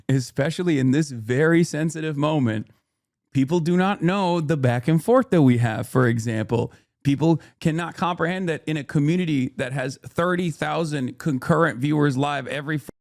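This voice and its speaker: A man's voice: fairly high pitch, vocal fry, dry recording. Man streaming casually to chat, dry sound. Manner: talks back to chat, swings between joking and earnest explaining; frequent restarts and filler while thinking aloud. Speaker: livestream host. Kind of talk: casual live-stream commentary.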